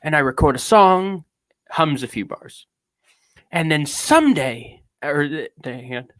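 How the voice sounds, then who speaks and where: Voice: mid-range voice, expressive, unhurried, no echo, lightly acted. A streamer putting on an affected British accent to read out an anguished man's confession with theatrical grandeur. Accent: put-on British. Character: grandiose anguished man reading his own confession. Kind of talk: dramatic reading of a text.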